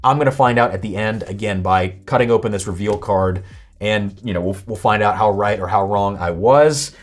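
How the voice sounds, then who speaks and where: A man hosting a casual whiskey tasting video, relaxed and chatty, thinking aloud, his voice slightly worn and going hoarse. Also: on the low side, moderate pace. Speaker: host.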